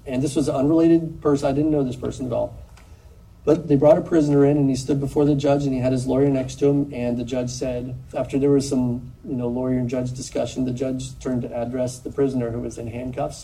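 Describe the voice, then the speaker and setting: Gravelly, earnest man preaching from a distance. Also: mid-range voice, warm tone, a little hiss or hum. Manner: earnest, measured preaching with pauses. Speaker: pastor. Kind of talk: sermon.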